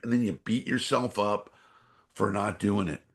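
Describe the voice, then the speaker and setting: Speaking at a normal speed in a fairly low, creaky voice, this man is a podcast guest from San Francisco who works as an energy awareness trainer. He rambles through his interview stories with plenty of fillers, performing the voices of the characters.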